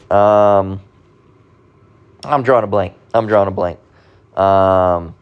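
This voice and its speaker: A man's voice: on the low side, lo-fi sound. A man giving impassioned religious commentary as a preacher, rambling and repetitive, swearing freely and groping for words. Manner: rambling, repetitive, profane, restarts and gropes for words. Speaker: street preacher.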